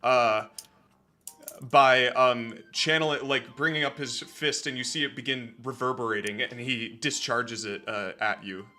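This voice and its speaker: A man running a tabletop game as game master, narrating in an unhurried way with many ums and uhs. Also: medium pitch, steady tone, sharp tone, faint music behind.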